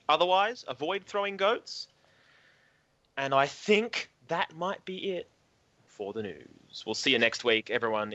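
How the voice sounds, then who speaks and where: A man's voice: fairly high pitch, a bit bright, highs cut off. A man co-hosting a casual comedy podcast, reading odd news items in a mock-announcer way. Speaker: podcast co-host.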